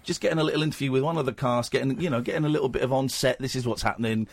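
A man's voice: medium pitch, very fast, creaky, dry recording. A man with a British accent hosting a late-night radio talk show, joking and rambling with a guest. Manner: joking, rambling, self-mocking. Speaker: radio host. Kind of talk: casual radio chat.

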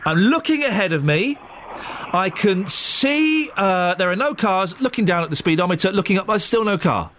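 A man's voice: high-pitched, animated, normal speed, a bit bright. A man hosting a radio phone-in, chatty and teasing, who plays along patiently with his caller. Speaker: radio host.

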